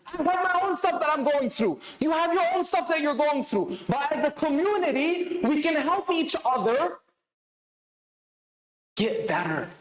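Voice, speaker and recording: A man preaches to a gathered crowd, pressing them with repeated questions and calls for a response. His voice sits high and swings widely in pitch. The sound rings around a large, echoey hall. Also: sing-song, measured pace. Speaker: speaker at a religious celebration. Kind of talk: interactive sermon. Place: large hall of an Islamic center.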